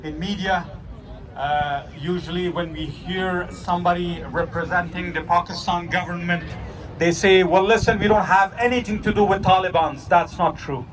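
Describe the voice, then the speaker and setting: Rally emcee, male, high voice, halting and earnest, picked up from a distance with faint street noise outdoors. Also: steady tone, a crowd in the background. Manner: earnest, halting with many fillers.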